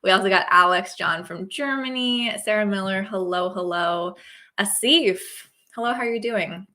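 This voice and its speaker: A woman's voice: medium pitch, normal speed, pushed and bright. A woman from Oregon hosting a casual livestream chat, upbeat and chatty, greeting viewers by name, with a slight cold. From Oregon, USA. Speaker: host.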